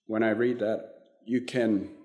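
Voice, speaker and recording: An older man preaching a sermon, slow and halting, with frequent restarts and fillers. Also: lowish voice, level tone, darkish tone.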